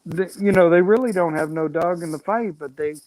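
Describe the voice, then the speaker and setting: A man's voice: sits high, fairly quick, a little mellow, dry recording, poor audio. Chatty man on a dry close mic. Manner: chatty, rambling, laughs at himself. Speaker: live streamer host. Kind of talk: casual chat.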